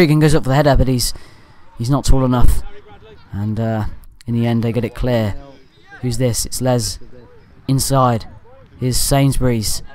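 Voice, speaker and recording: A man with a medium-pitched, somewhat dark voice does laid-back voice-over commentary for a fan channel. He wanders and cracks jokes, drifting off topic and quickly correcting himself.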